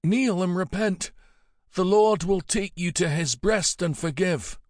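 A man voicing a dying old abbot who is serene and forgiving, speaking high and fervently in an audiobook reading. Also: a little slow, a little mellow, no room sound, studio quality.

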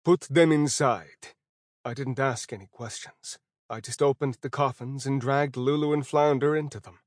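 A man reading a first-person fantasy audiobook at a steady, even pace. His voice sits in an ordinary middle register. The recording is close and dry, with no room sound. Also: mid-range voice, moderate pace, no room sound. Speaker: audiobook narrator.

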